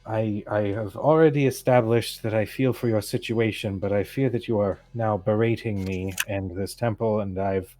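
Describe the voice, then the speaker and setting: A man's voice: fairly low pitch, fairly even intonation, normal speed, hardly any pauses, over music, natural voice. A man voicing a patient, formal female priestess who speaks politely and stammers a little. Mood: pleading.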